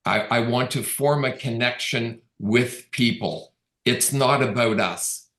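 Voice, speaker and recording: Middle-aged man from Canada, conversational storyteller, mid pitch, echoey room sound. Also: fairly even intonation, takes it slowly, fairly bright tone. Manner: conversational, storytelling with quoted dialogue. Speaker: real estate agent giving a webinar talk. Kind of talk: casual storytelling talk. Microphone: video call. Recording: roomy echo on the voice.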